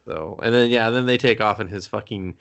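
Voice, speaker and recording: Profane, excitable male podcast co-host. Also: fairly low pitch, fairly quick, creaky. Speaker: movie review podcast co-host. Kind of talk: casual chat.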